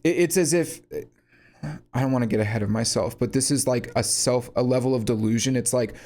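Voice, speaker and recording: A man's voice: mid-range voice, expressive, normal speed, darkish tone. Blunt, sarcastic male song reviewer. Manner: blunt, sarcastic, swears freely. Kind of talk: casual song critique.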